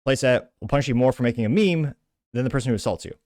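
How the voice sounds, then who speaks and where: A man's voice: mid-range voice, very fast, a little mellow, no room sound, studio quality. A man from Texas, ranting through indignant political commentary as host.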